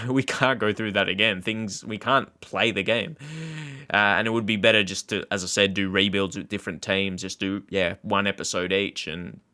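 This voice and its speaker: A man's voice: on the low side, steady tone, normal speed, pushed and bright. A man hosting a gaming video, chatting casually in a rambling way and laughing often as he talks viewers through the game. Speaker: gaming channel host. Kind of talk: casual gameplay commentary.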